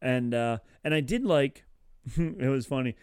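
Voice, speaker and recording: A man with a smooth, resonant voice chats easily on a podcast. He is talkative and laughs often, slipping into quoted lines as he goes. The sound is dry and close to the mic. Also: medium pitch, expressive, unhurried, a little mellow, dry recording. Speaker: podcast co-host. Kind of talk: casual chat.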